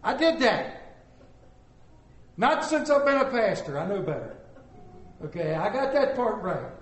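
A male pastor delivers a folksy, animated sermon, mixing humor with earnest warnings. His voice sits high for a man. The sound rings around a roomy, echoing church. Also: moderate pace. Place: church sanctuary. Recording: echoey church room.

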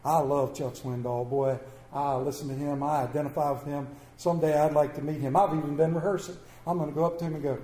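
A man with a fairly high voice preaches to his congregation, animated and good-humored. He swings between loud declarations and soft, near-whispered lines. The sound carries the echo of a church sanctuary. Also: fast, few pauses. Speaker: pastor. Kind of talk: sermon.

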